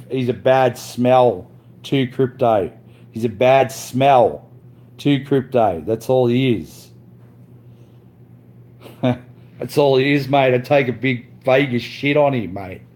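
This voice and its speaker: A man vents on his live stream in a slow, deliberate drawl. His trash talk is crude and boastful, loops back on itself and is peppered with "mate". He often stumbles and restarts his sentences. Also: mid-range voice, a little mellow. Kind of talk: ranting live stream monologue.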